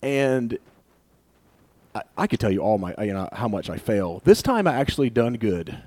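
A man preaching a sermon in a conversational, storytelling way, building to animated emphasis. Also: lowish voice, moderate pace, dry recording. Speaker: pastor.

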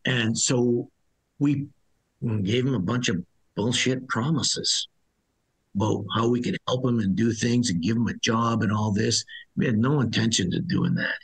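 Gravelly, husky middle-aged man. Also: medium pitch, measured pace, low-quality recording. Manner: blunt, rambling, with frequent restarts. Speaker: interview guest, former soldier. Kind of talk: conversational storytelling.

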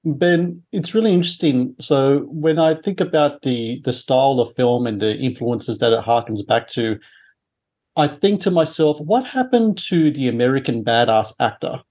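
A man's voice: mid-range voice, animated, moderate pace, a little mellow. A man hosting a podcast, asking long, rambling questions full of restarts and fillers. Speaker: podcast host. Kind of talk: interview questions.

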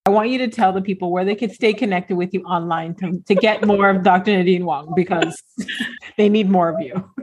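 A woman host with a somewhat low voice keeps the interview moving. She mostly offers brief, encouraging replies and the occasional question to her guest. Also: brisk, breathy edge. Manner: short encouraging responses, lower voice. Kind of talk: casual interview.

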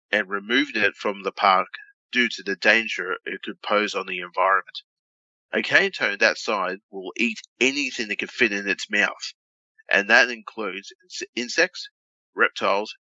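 An Australian man with a lowish, very bright, forceful voice, talking loosely and with some swearing as he co-hosts a podcast. The recording is dry and a bit dull, like a lo-fi home setup. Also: dry recording. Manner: loose and profane, restarts often. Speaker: podcast co-host. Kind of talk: casual chat, reading a news story aloud.

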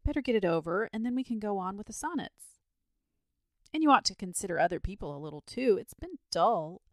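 A woman reading a storybook aloud, voicing an excitable young boy who talks in a breathless, urgent rush. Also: lowish voice, normal speed, creaky, dry recording, clean studio sound. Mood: pleading. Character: eager excitable young boy, dragon's friend.

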